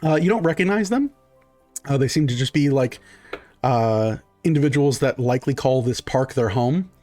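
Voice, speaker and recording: A man's voice: medium pitch, lively intonation, moderate pace, a little mellow, no room sound, faint music behind. A man narrating a tabletop game as game master, rambling with many fillers.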